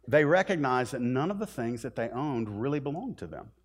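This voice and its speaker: A man preaching a sermon as pastor, animated, dropping to a hush and then rising to loud, pleading lines. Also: mid-range voice, fairly quick. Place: church sanctuary.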